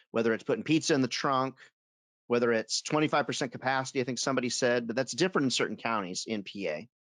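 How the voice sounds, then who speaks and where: Man, webinar trainer, lively storyteller, amused, dry close mic. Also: medium pitch, no room sound. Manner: storytelling, animated, self-amused. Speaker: advertising sales trainer. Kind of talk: webinar talk.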